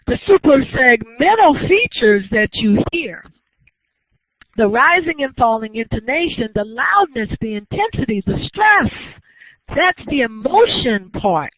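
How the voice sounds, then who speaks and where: A woman lecturing to a class, explaining each idea patiently and often pausing to ask whether everyone follows. The recording is dry and thin, with a narrow, phone-like sound. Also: a little high, sing-song, breathy edge, dry recording. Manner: explanatory, checks understanding with frequent questions. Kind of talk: university lecture.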